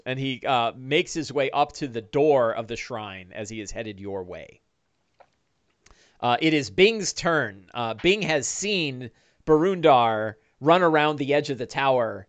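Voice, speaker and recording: A man's voice: medium pitch, a little slow, dry recording, lo-fi sound. A man running a one-on-one tabletop game as dungeon master, narrating animatedly with many "uh"s. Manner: animated, lots of uh fillers.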